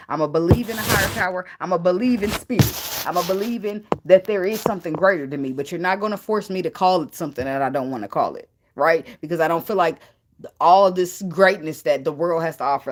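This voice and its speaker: A woman tarot reader in a casual spiritual vlog, talking bluntly and emphatically, swearing freely and laughing often. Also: low-pitched.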